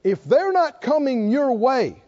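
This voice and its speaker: A man's voice: very high voice, big pitch swings, a little slow, warm tone. An older man preaching a sermon in an emphatic, folksy way with bits of humor, on a slightly dull lo-fi recording. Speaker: pastor.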